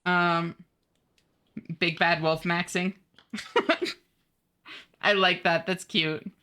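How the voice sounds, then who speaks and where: A woman's voice: fairly low pitch, steady tone, very slow, long pauses, pushed and bright. A young woman game streamer chatting casually with her live audience and laughing often. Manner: chatty, reads chat aloud, laughs often.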